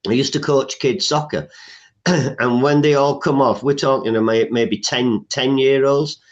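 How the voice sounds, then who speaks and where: A man's voice: medium pitch, fairly even intonation, measured pace. Emphatic man, muffled audio. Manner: emphatic, lists items, frequent filler "uh". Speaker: health coach guest. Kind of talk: podcast interview conversation.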